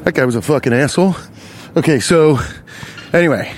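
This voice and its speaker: A young man hosting a podcast, telling a rant-style story outdoors on a city street, animated and profane. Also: fairly high pitch, brisk, a little hiss or hum. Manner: animated, profane, riffs on his own story. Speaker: podcast host.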